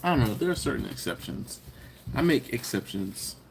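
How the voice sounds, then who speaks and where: A man hosting a live stream in casual chat, reading viewer comments aloud and answering them playfully, with frequent laughter and drawn-out teasing emphasis. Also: medium pitch, animated, creaky, noisy background. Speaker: livestream host.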